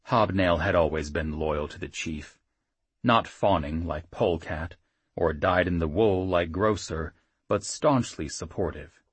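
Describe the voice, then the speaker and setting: A man narrating a fantasy audiobook in a measured, even storytelling manner. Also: low voice, husky, no room sound.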